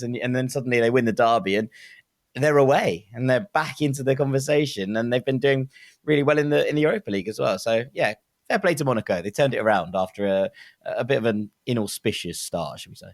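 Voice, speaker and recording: A man's voice: mid-range voice, quick pace, no room sound. Upbeat man hosting a dry-sounding podcast. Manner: upbeat, repeats words while thinking. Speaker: podcast host. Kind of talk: casual sports chat.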